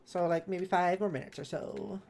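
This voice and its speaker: Woman, low voice, streamer, reads chat aloud, supportive, chatty. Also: steady tone, moderate pace, a little mellow, slight background noise. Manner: reads chat messages aloud and answers them kindly; chatty and self-correcting, with laughs. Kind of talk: casual live-stream chat while gaming.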